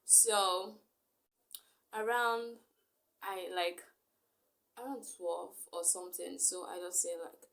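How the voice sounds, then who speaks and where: A woman's voice: mid-range voice, takes it slowly, vocal fry, pauses often, a bit bright. A young woman, recounting a story in a rambling vlog style full of fillers. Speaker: vlogger.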